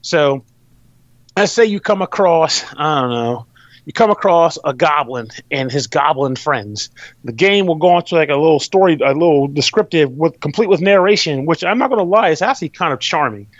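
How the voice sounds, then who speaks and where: A man's voice: fairly high pitch, animated, moderate pace, dry recording, highs cut off. A man hosting a podcast, explaining a game in rambling, loose and profane casual chat. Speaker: podcast host reviewing a game.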